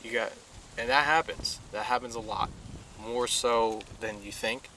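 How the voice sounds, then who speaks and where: A man's voice: mid-range voice, flat delivery, a little slow, pushed and bright, slight background noise. A young man, a police recruit, talking earnestly in a casual podcast interview, full of fillers and repeated phrases.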